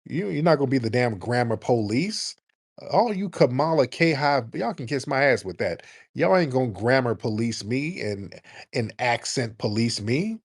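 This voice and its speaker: A man's voice: medium pitch, animated, normal speed, husky. A man from the United States hosting a call-in talk show, emphatic and swearing freely. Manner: brash, profane and emphatic. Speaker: radio show host.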